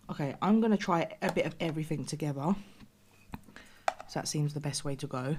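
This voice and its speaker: A woman's voice: low voice, fairly quick, long pauses, a little mellow, slight background noise. A British woman casually reviewing rations on her channel, chatty and exclaiming over the food, sometimes dropping to a near-whisper.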